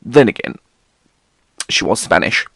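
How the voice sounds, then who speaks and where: A British man rambling through a casual solo podcast, sweary and theatrical. His voice sits fairly low and gravelly but swoops around animatedly. The sound is close and completely dry. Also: expressive, measured pace, sharp tone, dry recording. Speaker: podcast host.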